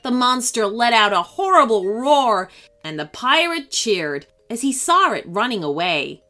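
A woman narrating a children's story in an expressive, animated way. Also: a little high, measured pace, soft background music.

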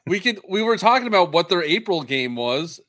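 Male co-host, slightly high voice, plain-spoken, sets the facts straight. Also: very animated, fairly quick, fairly bright tone. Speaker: podcast co-host. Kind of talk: casual group chat about games.

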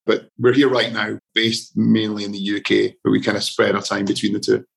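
A Scottish man being interviewed as a guest on a podcast, talking in a relaxed, self-deprecating way. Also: fairly low pitch, a little fast, gravelly. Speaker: guest, investor. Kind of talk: casual interview talk.

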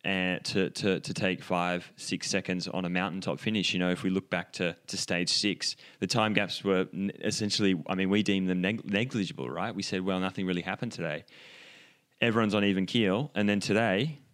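A man co-hosting a casual cycling talk show, relaxed and chatty with fillers. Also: low-pitched, moderate pace, few pauses. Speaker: cycling podcast co-host. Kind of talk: casual race analysis chat.

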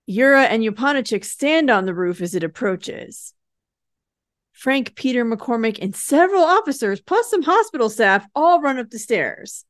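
A woman's voice: fairly high pitch, very animated, normal speed, no echo, clean studio sound. A woman co-hosting a podcast, casually retelling a TV episode's plot and acting out the characters' lines in passing. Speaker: podcast co-host recapping a TV episode. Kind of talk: casual recap narration.

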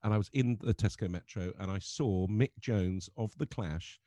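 An English man telling funny stories in casual chat, animated and often laughing as he talks. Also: on the low side, moderate pace, no echo. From England. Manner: animated storyteller, laughs through his stories. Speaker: comedian guest.

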